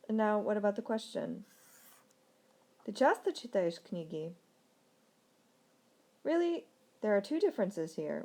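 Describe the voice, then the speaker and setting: Mellow-voiced woman teaching a language lesson. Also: medium pitch. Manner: clear, deliberate, slows down to model example sentences.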